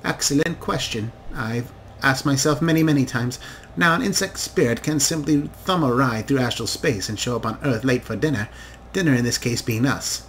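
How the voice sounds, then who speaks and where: A sardonic, flamboyant elf who lectures with wry gravity, as a man puts him on. His voice sits at a middle pitch, read aloud from a fantasy game with faint hiss behind it. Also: normal speed, a bit bright, close to an everyday voice. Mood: lecturing.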